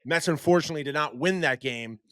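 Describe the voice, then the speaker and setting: A man co-hosting a casual podcast chat, telling lively anecdotes and laughing as he talks. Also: on the high side, fast, clear, resonant tone, dry recording, studio quality. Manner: animated storyteller who laughs mid-sentence. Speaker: podcast co-host.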